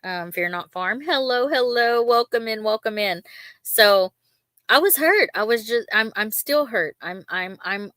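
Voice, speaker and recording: The voice here is fairly high, a bit bright, with lively intonation and a measured pace, recorded without echo. She's a woman hosting a casual livestream, rambling through many ums and opening up about her feelings in an emotional, chatty way.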